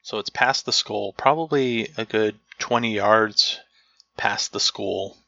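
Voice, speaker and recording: A man narrating as game master of a tabletop game, unhurried and searching aloud for the right words. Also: fairly low pitch, gravelly, bright, forceful tone, dry recording, highs cut off.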